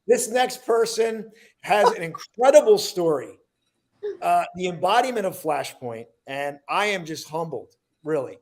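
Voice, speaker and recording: A man's voice: sits high, animated, measured pace, a little mellow. A man hosting a video call who introduces guests in an enthusiastic, effusive way, with stumbles and restarts. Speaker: host.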